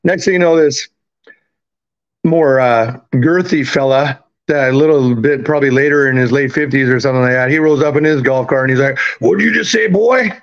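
A man in his fifties, raised in Canada, telling a story in a casual, profane, animated way and acting out the quotes. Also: medium pitch, fairly quick, highs cut off. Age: 50s. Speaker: podcast guest.

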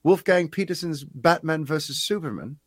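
A man doing a rough British accent to read out a listener's question. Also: a little high, lively intonation, moderate pace, no echo. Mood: reading aloud. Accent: British, imitated.

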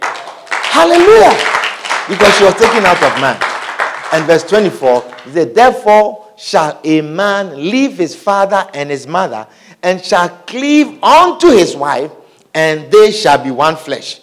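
A man preaching a sermon in an animated way, calling out hallelujah and amen and asking the congregation questions. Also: high-pitched, measured pace, some chatter behind, a little hiss or hum.

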